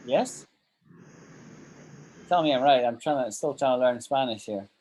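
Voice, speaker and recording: A man teaches an online English grammar lesson, patiently going through example sentences and making sure his students keep up. His mid-range voice is a little mellow and measured, heard on a rough recording with slight background noise.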